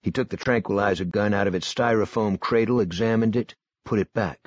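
A man giving a measured, expressive audiobook narration. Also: lowish voice, no room sound, dull audio.

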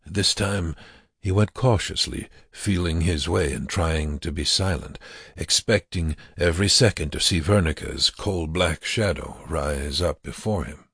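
A man narrating a dark story as an audiobook, in a measured, grave manner. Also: sits low, husky, dry recording, clean studio sound.

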